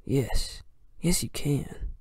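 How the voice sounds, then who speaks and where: A man reading aloud and doing a low-key impression of a calm male hero reassuring his girlfriend. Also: extremely slow, dry recording.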